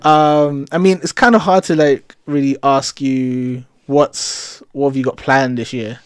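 A man's voice: mid-range voice, steady tone, a little slow, clean tone, dry recording. A young man hosting a podcast in casual, playful chat. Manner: playful, laughs often. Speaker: podcast host.

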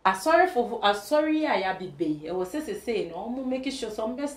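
A woman's voice: on the high side, very animated, normal speed, roomy sound. A woman from Ghana, a talk show guest, speaking frankly and slipping in English phrases. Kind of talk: casual studio chat.

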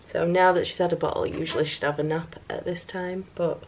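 A woman's voice: on the low side, steady tone, a little fast, few pauses, slight background noise. A woman, a new mother, vlogging casually at home, chatting and sometimes slipping into sing-song baby talk.

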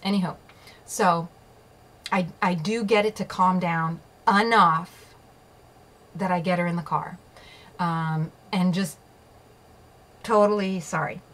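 A woman's voice: lowish voice, fairly even intonation, slow pace, long pauses, a bit bright, poor audio. A woman vlogger telling a personal story, emphatic, swearing at times and checking in with her listeners. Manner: emphatic, swears, asks "okay?" and "right?" often. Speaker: vlogger sharing personal experience.

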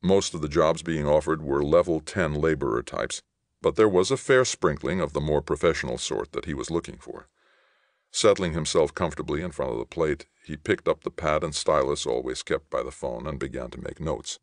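A man's voice: extremely low pitch, moderate pace, no echo. A man reading a science fiction audiobook aloud as narrator, on a close studio mic. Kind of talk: scripted narration.

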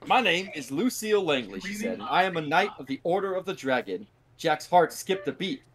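Man, podcast co-host, reading a novel aloud, animated pitch. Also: brisk, a crowd in the background. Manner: reads aloud with cursing asides.

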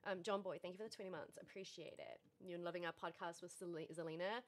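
A woman's voice: fairly low pitch, fairly even intonation, fast. Breathless New Zealand woman streamer. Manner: frazzled, laughing, rattling off thank-yous. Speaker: livestreamer. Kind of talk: casual live-stream chat.

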